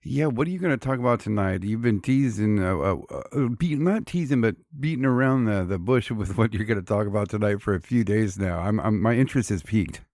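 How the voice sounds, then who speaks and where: Brief: relaxed male podcast co-host, low-ish voice, dry close mic. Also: a little fast, few pauses, no echo. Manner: easygoing, laughs along, calls him dude. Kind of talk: casual chat.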